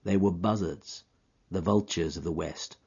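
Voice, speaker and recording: A man narrating a story in a measured, plain reading voice, in a lo-fi recording. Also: deep voice, creaky, dark tone, breathy edge. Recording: dull lo-fi recording.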